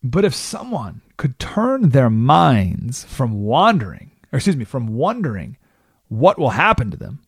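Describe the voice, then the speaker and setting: A man hosting a radio talk show, telling a history story in a casual, lively way and acting out the people's lines. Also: mid-range voice, measured pace, husky, no room sound, clean studio sound. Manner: casual, animated storytelling, acting out quotes in voices. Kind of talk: radio monologue retelling history.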